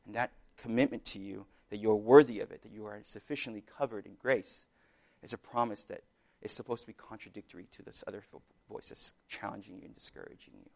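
A man preaching a sermon in an earnest, halting way, with restarts and sudden louder bursts. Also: on the low side, creaky.

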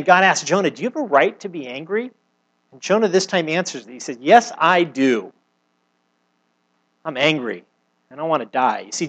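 A middle-aged male pastor delivers a sermon in a voice sitting a little above the usual male range. He reads scripture aloud and retells it with expressive emphasis. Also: a little high, rough recording.

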